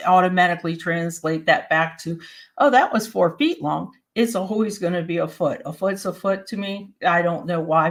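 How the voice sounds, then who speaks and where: Woman presenting in a steady teaching manner. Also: fairly low pitch. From Maryland and West Virginia, USA. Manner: steady, plain-spoken teaching delivery. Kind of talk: explanatory presentation.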